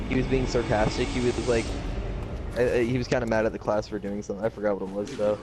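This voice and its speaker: A young man rambles through anecdotes in a relaxed gaming chat, filling every pause with "like" and slipping into impressions of his teacher. His voice sits at an ordinary pitch, buried under loud, constant background noise. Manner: rambling storyteller, many fillers, imitates his teacher. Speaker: gamer chatting with friends. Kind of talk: casual chat while gaming.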